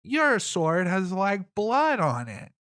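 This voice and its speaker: A nervous rebel guard voiced by a man shouts his worries in a raised, high voice, sounding loud and pleading. The sound is dry and close. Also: huge pitch swings, slow pace, dry recording, heavily acted. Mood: anxious. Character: jumpy suspicious young male rebel guard.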